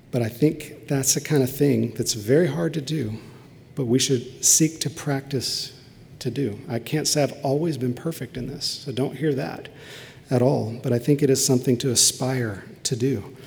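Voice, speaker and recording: Earnest middle-aged pastor, gravelly voice. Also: male voice, medium pitch, darkish tone. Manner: earnest, confessional storytelling. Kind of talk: sermon. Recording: long hall reverb.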